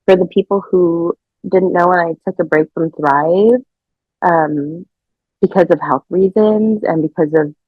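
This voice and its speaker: A woman guest telling a personal story in a casual, excitable way, laughing and swearing freely. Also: fairly low pitch, a little slow, no room sound, narrow, tinny audio.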